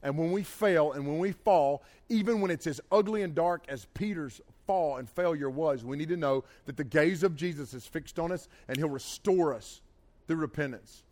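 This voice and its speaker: A man's voice: a little high, normal speed, darkish tone. A man preaching a sermon, folksy and emphatic, with plain down-home phrasing. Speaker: pastor.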